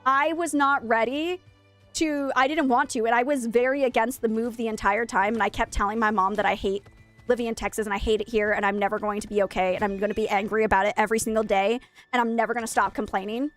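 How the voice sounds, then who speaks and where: A woman's voice: a little high, fairly even intonation, fast, soft background music. A woman in her thirties from Maine, chatting casually and animatedly with her viewers while she plays a game on stream. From Maine, United States. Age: 30s. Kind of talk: casual livestream chat while gaming.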